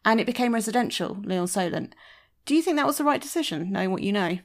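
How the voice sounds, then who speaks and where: A woman podcast host chats with a guest, enthusiastic and loose, full of fillers and restarts. Her voice sits at a middle pitch. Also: animated, fast talker. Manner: chatty, enthusiastic, with many fillers. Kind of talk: casual interview chat.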